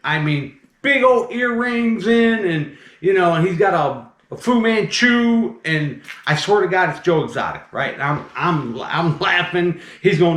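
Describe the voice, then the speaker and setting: A man with a slight Southern accent who removes snakes, telling a story in a chatty, animated way. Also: high voice, unhurried. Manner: animated, chatty, keeps saying "right?" and "mind you". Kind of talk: casual storytelling. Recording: roomy echo.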